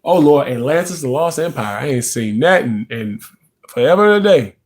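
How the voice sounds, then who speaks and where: A man's voice: expressive, moderate pace. A man chatting casually to his viewers on a livestream, addressing them as y'all. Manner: chatty, talks to viewers as y'all, drops into high sing-song bits. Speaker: livestream host.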